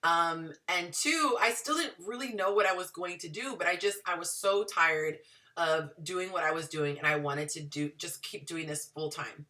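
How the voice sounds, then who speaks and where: A woman in her thirties telling her story to viewers in a chatty, animated way. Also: on the low side, moderate pace, far from the mic. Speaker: dating and relationship advice vlogger.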